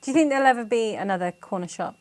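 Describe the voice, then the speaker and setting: A woman's voice: on the high side, racing, a little mellow, no echo. A woman hosting a TV talk show in a studio, interviewing a guest in a chatty, encouraging way.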